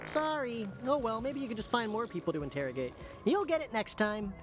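A woman's voice: on the high side, sing-song, brisk, over music. A woman voicing a perky detective assistant in a video game, chipper and encouraging.

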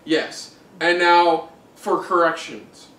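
A man's voice: a little high, steady tone, slow pace, a bit bright. A man co-hosting a reaction show, recapping an episode in a casual, hesitant way with many ums and restarts. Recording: echoey room, mic at a distance, faint noise.

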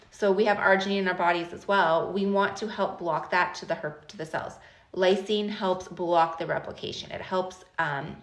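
A woman in her thirties hosting a live stream, talking casually and directly to her viewers in an animated, chatty way. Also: mid-range voice. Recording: echoey room.

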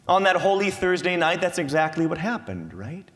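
Animated preacher man in reverberant church. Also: on the high side, normal speed, hardly any pauses. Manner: animated, with frequent repeated words and fillers. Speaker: pastor. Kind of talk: sermon. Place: church sanctuary.

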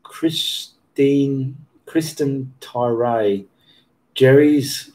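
A man's voice: mid-range voice, a little slow, darkish tone. Chatty man reading live chat aloud. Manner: reads viewer comments aloud and answers them chattily; rambling, stops to correct himself mid-sentence. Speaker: art channel host answering live chat. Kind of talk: casual livestream Q&A.

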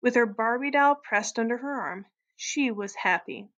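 A woman teacher reading a story aloud to students at a steady, clear pace. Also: fairly high pitch, moderate pace, highs cut off. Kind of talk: read-aloud story narration.

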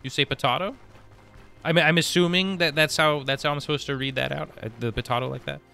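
A man's voice: on the high side, fairly even intonation, fast talker, creaky, bright, forceful tone, soft background music. A man streaming a game, casually reading viewer comments aloud and chatting back. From United States. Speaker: gaming streamer reading chat. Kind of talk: casual live-stream chat while gaming.

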